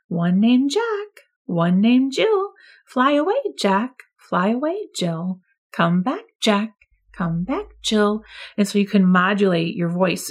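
Woman teacher with a gravelly edge. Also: fairly low pitch. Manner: friendly, demonstrates voice levels with lively examples. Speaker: early childhood educator. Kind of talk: teacher training talk.

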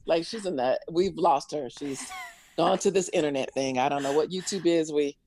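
A woman guest telling a story in an interview, lively and expressive, acting out voices and laughing often. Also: deep voice, normal speed, a little hiss or hum.

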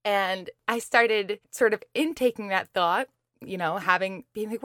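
A woman's voice: mid-range voice, a little slow, a bit bright, no echo, clean studio sound. A woman hosting a motivational talk show, telling a personal story in a chatty way, laughing often and acting out her own complaints. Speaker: podcast host.

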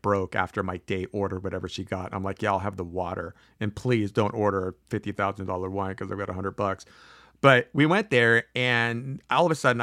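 A man in his forties tells a personal story in a loose, chatty way. He acts out the other people's lines and restarts his sentences often. His voice sits at an ordinary middle pitch and sounds dry and close to the mic. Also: dry recording. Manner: animated, acts out quoted voices, frequent fillers and restarts. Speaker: speaker telling a personal story. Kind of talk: casual storytelling monologue.

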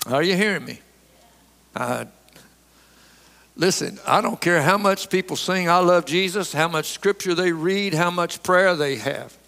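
A man preaching a sermon, emphatic, climbing high for mocking asides and dropping low and soft when he prays. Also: creaky. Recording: long hall reverb.

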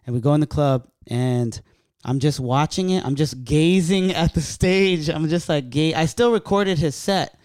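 A man telling a story in a casual podcast chat, animated and profane, acting out what people said. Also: on the high side, moderate pace, smooth, dry recording, clean studio sound. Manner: profane, animated, acts out quotes.

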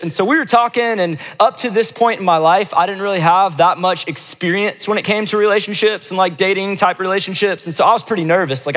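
In a long-reverberating hall, a young man pastoring a church service works a comic story into his sermon. He speaks in a high, fairly bright voice, joking casually and voicing the characters' quotes himself.

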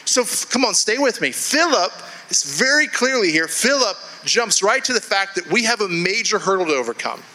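Bright-voiced man preaching a sermon. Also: high-pitched, lively intonation, normal speed, few pauses, poor audio. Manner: conversational, repeats and restarts phrases, acts out quoted inner voices. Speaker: pastor. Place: church with a congregation.

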